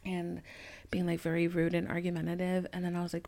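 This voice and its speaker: A woman's voice: lowish voice, level tone, fast, creaky, warm tone. A young woman hosting a casual solo podcast, telling a candid, rambling story with lots of fillers and swearing. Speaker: podcast host.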